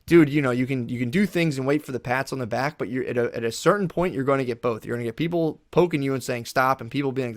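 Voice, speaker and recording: A man's voice: mid-range voice, fast talker, no echo, clean studio sound. A man talking as a podcast guest, blunt and emphatic, swearing freely as he gives a pep talk. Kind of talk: casual chat.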